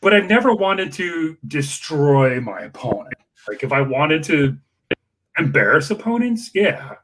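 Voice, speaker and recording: A man telling campaign stories in casual chat, animated and full of acted-out quotes. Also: a little slow, background noise. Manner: animated, acts out quoted dialogue with big pitch jumps. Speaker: political campaign staffer and guest storyteller. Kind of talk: casual conversational storytelling.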